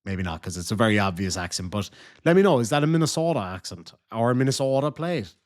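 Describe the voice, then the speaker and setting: Irish male host, lowish voice, casual rambling reaction commentary. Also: big pitch swings, fast. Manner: chatty, rambling, self-correcting.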